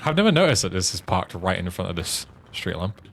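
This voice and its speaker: A low-voiced English man streams a game, rambling in quiet, mumbled asides to himself and chat. Faint game ambience hums behind him. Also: very animated, brisk, creaky, slight background noise. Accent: northern English. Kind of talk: casual gameplay commentary.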